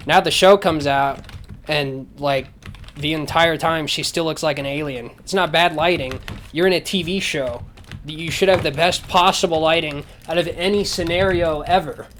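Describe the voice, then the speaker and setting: A man with a slightly high voice rants casually into a close microphone, sarcastic and heavy on swearing. He rambles along with plenty of fillers, and a faint hiss sits behind him. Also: moderate pace, fairly bright tone. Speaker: podcast host. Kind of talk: casual rant.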